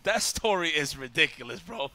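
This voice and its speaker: An excitable man hosts a stream in casual chat, laughing often. His voice is bright and tense, and pitched a little high for a man. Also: moderate pace. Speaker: stream host.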